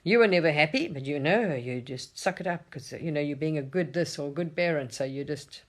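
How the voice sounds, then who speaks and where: A spiritual teacher talking casually to camera at home, animated, swearing and laughing often. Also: medium pitch, fairly quick.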